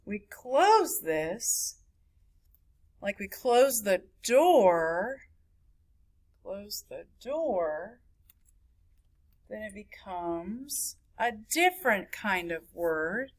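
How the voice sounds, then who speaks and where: A woman's voice: mid-range voice, very animated. A woman teaching a phonics lesson to a class, sounding out words syllable by syllable. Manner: slow, clapping out words syllable by syllable.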